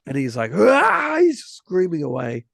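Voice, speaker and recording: A man's voice: mid-range voice, moderate pace, creaky, darkish tone, dry recording. A man in his forties telling a story in casual conversation, rambling with many restarts and vivid retelling. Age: 40s.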